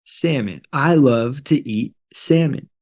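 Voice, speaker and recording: A man's voice: medium pitch, moderate pace, darkish tone. A man from the United States hosting an English-learning interview, speaking in an encouraging way and modeling pronunciation. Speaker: interview host, English teacher. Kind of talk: casual interview.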